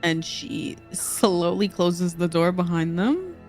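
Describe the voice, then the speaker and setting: A woman's voice: on the low side, expressive, slow, darkish tone, faint music behind. A woman playing a tabletop role-playing game, polite and slightly flustered. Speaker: player.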